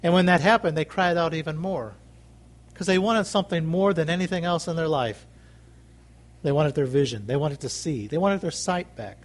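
Delivering a sermon, a man speaks emphatically, repeats his phrases, and calls on the congregation for amens. His pitch sits on the high side, at a moderate pace.

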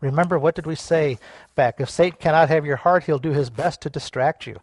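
Animated preaching man, high voice. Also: fairly quick, dry recording. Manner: animated, swings between hushed and loud, laughs often. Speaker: pastor. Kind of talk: sermon.

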